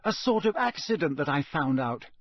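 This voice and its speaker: Man doing a jumpy hot-headed teen boy, pitched way up, sharp, dry audiobook sound. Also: sing-song, normal speed, husky, no room sound. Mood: tense. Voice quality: sharp, raised voice. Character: anxious, hot-tempered teenage boy wizard. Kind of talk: audiobook character reading.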